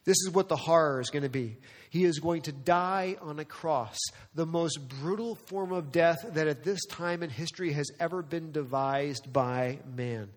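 A male pastor preaching a dramatic, emphatic sermon full of rhetorical questions, slowing down for weighty lines and speeding up for asides. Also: fairly high pitch, big-room sound. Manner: swings between slow weighty phrasing and quick asides.

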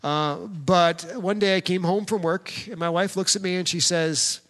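A man's voice: sits high, fairly even intonation, normal speed, a bit bright. Man preaching in a reverberant hall. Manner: direct, plain-spoken, addresses the men in the room. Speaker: pastor. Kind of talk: sermon.

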